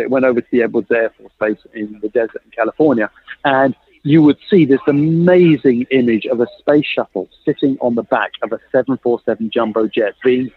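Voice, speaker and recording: A middle-aged man, a guest on an interview show, telling a story with lively, self-mocking humor and acting out the dialogue he quotes. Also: mid-range voice, husky, no echo. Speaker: guest, innovation consultant. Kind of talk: animated anecdote telling in a podcast interview. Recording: dry, tinny phone-like line.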